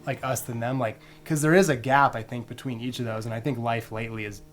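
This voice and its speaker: A man's voice: mid-range voice, fairly even intonation, fast. A young man talking casually on a podcast, plainly recounting a story. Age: young adult. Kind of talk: casual chat.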